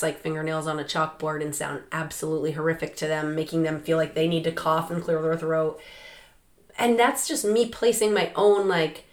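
Woman host, voice gone hoarse and raspy, lowish pitch, chatty and laughing, roomy echo. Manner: chatty, laughs often, many fillers. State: hoarse, lost voice. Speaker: podcast host and coach. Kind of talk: casual podcast monologue.

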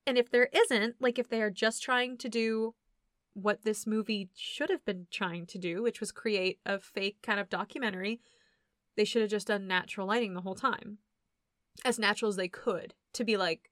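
A woman co-hosting a casual movie chat, animated and laughing, acting out scenes in quick voices. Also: mid-range voice, no echo, studio quality. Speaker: podcast co-host reviewing a movie.

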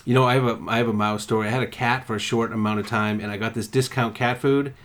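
A man co-hosting a comedy podcast, sarcastic and quick to tease. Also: mid-range voice, steady tone, a bit bright. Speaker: podcast co-host. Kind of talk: casual comedy chat.

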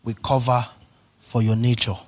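Husky-voiced preaching man. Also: mid-range voice, flat delivery, normal speed. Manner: emphatic, repeats lines, swings from soft to near-shouting. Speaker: pastor. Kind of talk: sermon.

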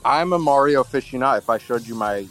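A man chatting casually as a guest on an online show, relaxed and easygoing. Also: medium pitch, fast. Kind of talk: casual chat.

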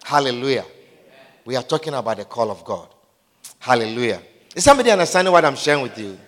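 A man's voice: mid-range voice, sing-song, fast talker, fairly bright tone. A male preacher giving a sermon, repeating his points and often asking the congregation whether they understand. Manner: repeats lines and asks the crowd if they understand. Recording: long hall reverb.

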